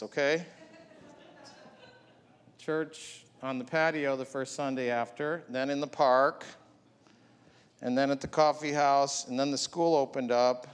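Slow-preaching man in a reverberant hall. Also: mid-range voice, clean tone. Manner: preaching with rising, emphatic repetition. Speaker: pastor. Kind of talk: sermon.

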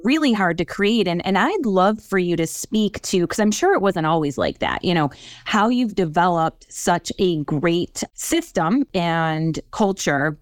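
A woman's voice: on the low side, clear, resonant tone, dry recording, clean studio sound. A woman hosting a podcast, enthusiastic and asking long, winding questions of her guest. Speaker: podcast host. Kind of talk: interview conversation.

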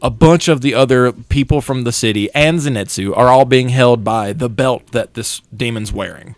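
A man's voice: mid-range voice, normal speed, dry recording. A young man co-hosting a podcast, animatedly recapping an anime in casual chat and acting out the characters' lines. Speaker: podcast co-host.

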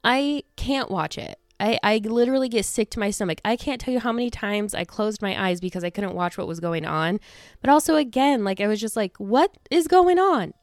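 A young woman hosts her own podcast, chatting casually into a close microphone, rambling through fillers and false starts. She sounds a touch out of breath. Her voice is smooth and clear, and the sound is dry, with no room around it. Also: medium pitch, lively intonation, brisk, no echo. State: a little out of breath. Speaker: podcast host. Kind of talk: casual chat. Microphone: studio microphone close to the face.

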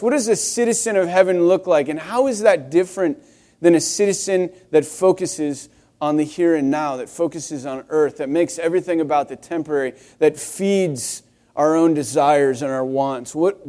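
Young male pastor, slightly high voice, conversational and wry, casual sermon delivery. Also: normal speed, warm tone. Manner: conversational, wry storytelling with restarts.

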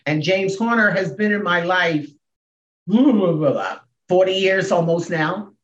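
A woman's voice: expressive, takes it slowly. Emphatic older woman, echoey dull recording. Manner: emphatic, with sudden jumps up and down in pitch and volume. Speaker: guest, comedian and motivational speaker. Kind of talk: emotional storytelling in a podcast interview. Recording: echoey, dull room sound.

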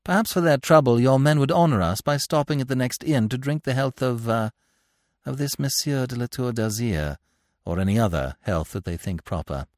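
A man voicing a quick-witted young man who talks in a smooth, wry way. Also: medium pitch, dry recording, clean studio sound, natural voice. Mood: suave. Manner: suave, wry.

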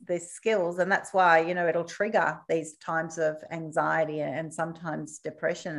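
Middle-aged australian woman, chatty, laughs a lot, casual host talk. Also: lowish voice. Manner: chatty, laughs often, oversharing. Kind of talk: casual chat.

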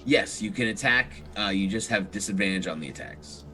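A man with a lowish, bright voice runs a tabletop game as game master. He explains the rules casually, with many "uh"s and "all right"s, then slips into vivid narration. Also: fairly quick, slight background noise. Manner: easygoing, explains rules with frequent fillers.

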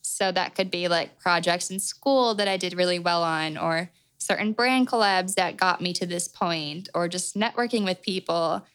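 A woman's voice: fairly low pitch, normal speed, few pauses, a bit bright, smooth, rough recording. A young adult woman hosting a solo podcast, giving chatty, encouraging advice with lots of "like" in her speech. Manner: chatty and encouraging, heavy use of "like". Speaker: podcast host. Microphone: own microphone.

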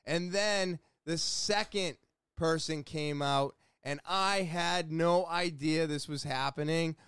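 A man telling a story with a smooth, resonant voice, recorded close and dry. He rambles and sounds exasperated, with casual swearing throughout. His voice sits a little high for a man. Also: takes it slowly, a bit bright, no echo. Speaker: vlogger recounting a comedy show.

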